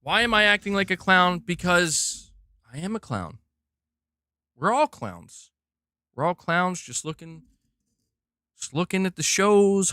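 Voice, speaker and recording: Lively joking man streaming live. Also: high-pitched, dry recording, studio quality. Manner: loose, profane, joking. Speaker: livestream host. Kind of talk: casual livestream chat.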